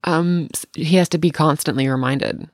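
A middle-aged woman co-hosting a casual chat, telling animated stories and laughing often. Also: low-pitched, moderate pace, no room sound, clean studio sound.

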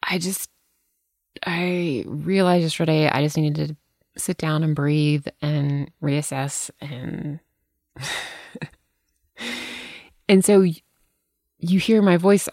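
A woman's voice: sits low, darkish tone, no echo, studio quality. A middle-aged woman hosting a podcast, talking frankly in casual chat, swearing freely as she tells stories. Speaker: podcast host.

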